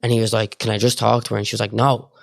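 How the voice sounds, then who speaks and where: A young man with an Irish accent, a guest telling stories casually, quick and full of fillers and acted-out dialogue. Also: fairly low pitch, little pitch movement, gravelly, dry recording, studio quality. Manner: rapid, filler-heavy storytelling full of quoted dialogue. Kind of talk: casual storytelling.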